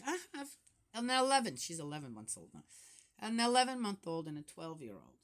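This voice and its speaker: Lively older woman musing on scripture. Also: medium pitch, fairly quick. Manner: chatty, with frequent rhetorical "Yes?" and "Right?" asides; laughs often while talking. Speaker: Bible study host. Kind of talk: casual Bible commentary.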